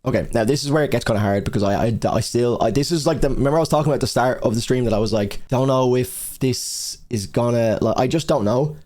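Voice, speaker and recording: A man's voice: mid-range voice, racing, few pauses, darkish tone. A young man counting down his favorite albums in a casual, rambling way, full of fillers and swearing. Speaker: music reviewer.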